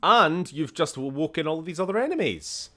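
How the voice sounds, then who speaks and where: A man's voice: on the high side, expressive, a little fast, bright, forceful tone. Scottish guy streaming a game, bouncy voice, swears a lot, faint hiss behind. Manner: chatty, swears, laughs often, shifts tone a lot. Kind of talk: casual gameplay commentary.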